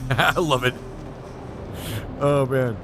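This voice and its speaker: A man's voice: mid-range voice, steady tone, drawn-out words, background noise. A man streaming a video game, rambling and laughing in casual commentary. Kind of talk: casual let's-play commentary. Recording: roomy reverb with game music.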